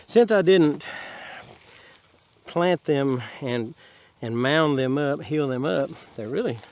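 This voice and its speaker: A man's voice: on the high side, lively intonation, takes it slowly. A middle-aged man with a Texan accent, chatting folksily outdoors in his garden as he digs and shows his harvest. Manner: folksy, rambling, chuckles while talking. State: a little winded. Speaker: gardening vlogger. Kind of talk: casual outdoor garden vlog.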